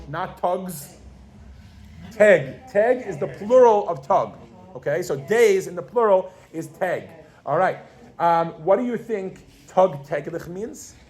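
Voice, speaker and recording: A pregnant Yiddish teacher with a mid-range voice leads a classroom lesson in a casual, animated style. She keeps throwing questions at her students and talks with easy fillers and restarts.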